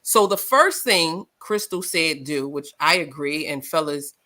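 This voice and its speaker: A woman co-hosting a live discussion show, loud and passionate, telling stories with acted-out quotes. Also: sits low, measured pace. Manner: animated, storytelling with acted quotes. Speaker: podcast co-host.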